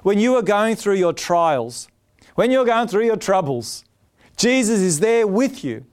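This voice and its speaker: A man's voice: sits high, sing-song, a little slow. A man preaching a sermon, earnest and emphatic, often repeating his key phrases.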